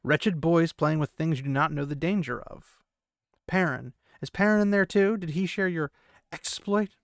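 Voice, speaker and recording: A man lifts his voice into a proud, icy sorceress who talks down to the young men around her. Her reproach comes out clipped and severe, with a gravelly rasp underneath. The recording is dry and close, with no room sound. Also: fairly high pitch, normal speed, no echo. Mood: scolding. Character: stern noble sorceress, woman, commanding and cold.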